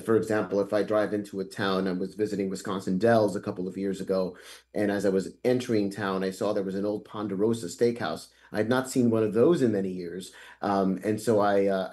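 A man with a lowish, mellow voice, talking as a guest on a radio interview. He answers in a thoughtful, halting way, often stopping to restart his sentences. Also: fairly even intonation. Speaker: guest author.

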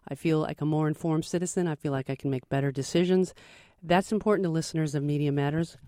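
A woman's voice: sits low, mellow, no echo, clean studio sound. A woman presenting a public radio pledge drive, making an earnest and persuasive appeal to listeners.

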